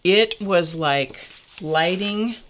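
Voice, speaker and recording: A woman's voice: on the low side, extremely slow, a bit bright, a little hiss or hum. An older woman hosting a casual art lesson, chatty and confessional, laughing often as she talks to her viewers. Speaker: art class host.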